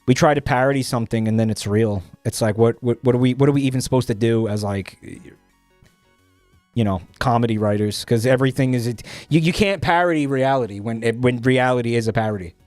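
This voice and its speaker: A man's voice: mid-range voice, brisk, darkish tone, dry recording, soft background music. A young man streaming, chatting casually while reading posts, profane and rambling with many restarts.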